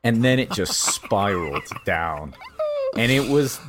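A man co-hosting a podcast, telling rambling, animated comedy stories in casual chat. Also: on the low side, unhurried, noisy background.

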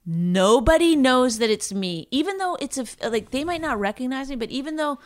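A woman's voice: sits high, expressive, a little fast. A woman stand-up comedian chatting casually, telling a rambling story full of restarts and quoted voices. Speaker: stand-up comedian, podcast co-host. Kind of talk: casual chat.

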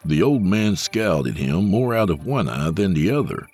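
A male audiobook narrator with a very deep voice that rises and falls expressively. His delivery is dry and unflinching, and curse words come out casually. Soft music lies faintly beneath him. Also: expressive, moderate pace, husky. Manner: dry, profane storytelling. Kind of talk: scripted narration.

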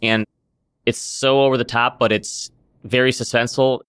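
A man co-hosting a casual podcast, laid-back and quick to chuckle. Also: mid-range voice, little pitch movement, a bit bright, clean tone. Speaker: podcast co-host. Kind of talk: casual chat.

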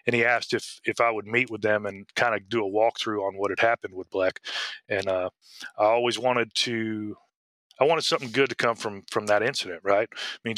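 Halting, bright-voiced police officer. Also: male voice, on the low side, dry recording. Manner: halting, full of fillers and restarts. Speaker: police K9 handler, guest. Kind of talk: casual interview storytelling.

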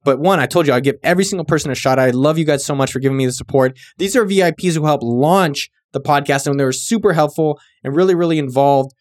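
A man from California, hosting a podcast and giving casual, joking shout-outs to listeners in a laid-back, profane, slangy way. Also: on the high side, fast, few pauses, no echo, clean studio sound. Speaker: podcast host.

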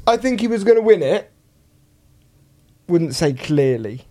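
A man's voice: sits high, big pitch swings, measured pace, mellow. A young man co-hosting a podcast, chatting casually and reading out listener questions. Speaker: podcast co-host. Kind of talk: casual chat.

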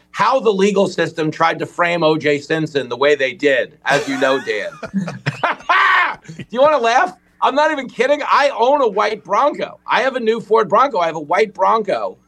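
A man as a comedian guest on a talk show, riffing with sarcastic deadpan jokes. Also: sits high, fairly quick, hardly any pauses.

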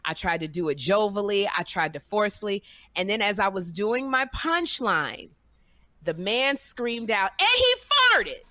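Bright-voiced black comedian lady, animated storyteller, dry close sound. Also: medium pitch, normal speed, no echo. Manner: expressive, acts out the people she quotes. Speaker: podcast co-host and comedian.

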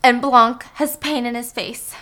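A woman's voice: on the high side, fairly even intonation, a little slow, bright, forceful tone. A woman recapping a film plot to a friend, acting out quoted lines and dropping to whispers for tense moments. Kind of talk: animated movie recap with acted-out quotes.

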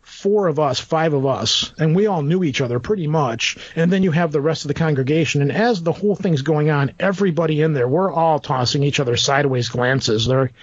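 A man's voice: on the high side, brisk, hardly any pauses, dry recording, muffled recording. A man telling a long rambling anecdote in casual talk, acting out what people said. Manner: rambling, animated anecdote with quoted asides. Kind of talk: casual storytelling.

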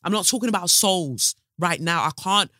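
A woman's voice: on the low side, expressive, moderate pace, pushed and bright, no room sound, studio quality. A woman hosting a podcast, talking in an impassioned, angry monologue full of swearing and repetition, then turning reflective as she thinks aloud. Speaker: podcast host.

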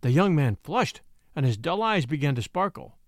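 Animated, high-voiced male story narrator. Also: normal speed, dry recording, clean studio sound. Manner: expressive, animated reading.

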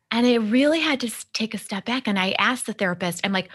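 A middle-aged woman, an empowerment coach appearing as a podcast guest, tells her story earnestly and reflectively, acting out quoted dialogue. Her medium-pitched voice is a bit bright and slightly rough, and she talks fast with few pauses in this conversational interview.

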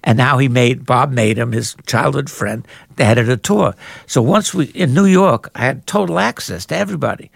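An older man, an author and journalist, telling anecdotes in an animated way in a conversation and jumping into higher voices when he quotes people. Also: normal speed, vocal fry, slightly rough, no room sound, studio quality. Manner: animated raconteur, jumps into high-pitched voices for quoted people. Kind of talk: anecdotal storytelling in a podcast conversation.

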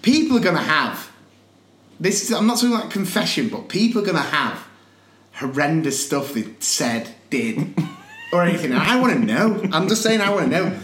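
Man, young adult, chatty storyteller, laughs a lot, slightly high voice, echoey room. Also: sing-song, moderate pace, a bit bright. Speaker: podcast co-host. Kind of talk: casual banter.

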